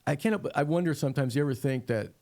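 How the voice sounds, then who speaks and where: A man's voice: fairly high pitch, racing, darkish tone. A man hosting a casual podcast conversation in an encouraging, conversational way. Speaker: podcast host.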